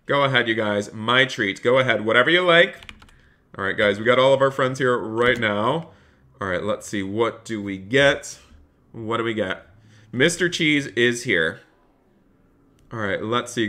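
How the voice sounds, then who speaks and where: Upbeat bright-voiced man streaming a game. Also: mid-range voice. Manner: upbeat, chatty, thanking viewers by name; slips into a polite officer role with players. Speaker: live-stream gamer. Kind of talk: live-stream gameplay commentary with police role-play.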